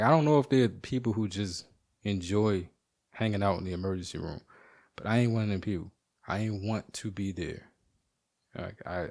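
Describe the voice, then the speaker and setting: A man hosting a podcast at home, telling a rambling, animated, profane story in casual talk. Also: on the low side. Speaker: podcast host.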